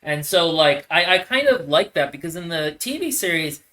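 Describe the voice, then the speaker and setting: Podcast cohost thinking out loud about a book, mid pitch, lots of likes and ums. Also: big pitch swings, normal speed. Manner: thoughtful, hedging with "like" and "um". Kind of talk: casual book club chat.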